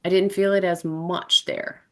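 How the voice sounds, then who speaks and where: A woman in casual conversation, answering briefly and asking short questions in a relaxed way. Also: fairly low pitch, measured pace. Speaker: podcast co-host. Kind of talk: casual chat.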